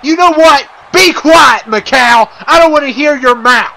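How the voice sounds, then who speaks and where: A man doing a furious shouting wrestler. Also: high-pitched, unhurried, poor audio. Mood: angry. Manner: shouting, blustery and defensive. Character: angry sore-loser male wrestler.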